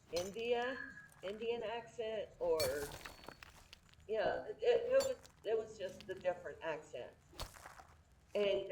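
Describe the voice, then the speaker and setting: Middle-aged woman, casual candid chat, low voice, very slow pace, faint background noise. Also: darkish tone, rough recording. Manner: rambling and candid, with frequent restarts. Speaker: streamer.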